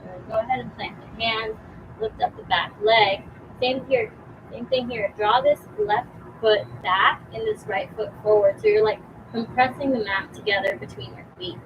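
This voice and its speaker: A young woman teaching a yoga class outdoors, giving calm, encouraging cues with casual fillers, a bit out of breath. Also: fairly high pitch, moderate pace, highs cut off, noisy background. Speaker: yoga instructor. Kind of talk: guided yoga class instruction.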